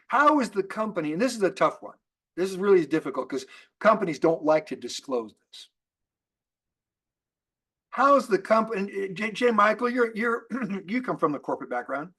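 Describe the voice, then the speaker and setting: High-voiced energetic man coaching sales. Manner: energetic, repetitive, with rhetorical questions and frequent restarts. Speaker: network marketing trainer. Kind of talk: motivational business training talk.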